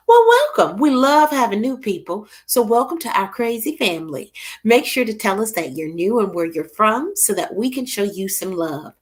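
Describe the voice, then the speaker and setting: A middle-aged woman, hosting a casual live stream and chatting with viewers by name. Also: medium pitch. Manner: lively, chatty, greets viewers by name, Southern church expressions. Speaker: livestream host.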